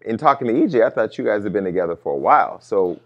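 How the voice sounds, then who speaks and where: A male host asks his guest direct, probing questions. His voice sits fairly low. The recording sounds dull and lo-fi. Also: expressive, quick pace. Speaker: interview host.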